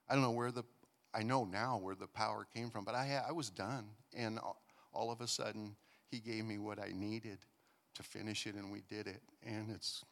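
A man of ordinary pitch tells a story in an earnest, halting way. He restarts often and breaks into soft laughs. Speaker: guest telling a personal story. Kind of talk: casual storytelling.

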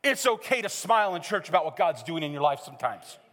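A middle-aged male pastor preaching a sermon in a church, animated and joking, acting out quotes as he tells stories. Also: on the high side, fast talker. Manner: animated, joking storyteller who acts out quotes. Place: church sanctuary. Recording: hall reverb.

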